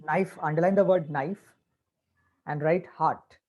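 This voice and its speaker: A man explaining a story to a class as their teacher, patiently and with pauses. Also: fairly high pitch, steady tone, darkish tone. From India.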